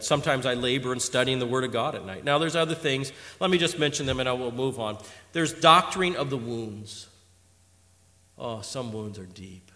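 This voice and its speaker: A man preaching a sermon, telling stories animatedly, swinging between loud exhortation and quiet asides. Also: medium pitch. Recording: reverberant hall.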